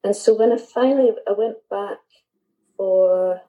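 A woman's voice: mid-range voice, measured pace, warm tone, muffled recording. A middle-aged woman telling a personal story to a host in candid, heartfelt speech that halts and restarts now and then. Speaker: guest.

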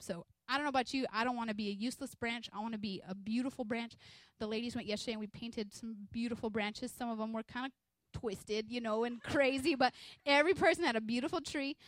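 A woman in her thirties preaches to her church in an energetic, conversational way, slipping into little acted-out scenes from home. Her voice sits a bit high, and the sound is dry and close, with no room echo. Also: fast. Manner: energetic, conversational, acts out quotes from home life. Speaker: pastor's wife preaching. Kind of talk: sermon.

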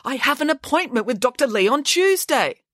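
A woman voicing a spoiled, whiny teenage schoolgirl in a petulant, drawn-out way. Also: sits high, big pitch swings, a bit bright, dry recording, clean studio sound, pitched above the performer's own voice.

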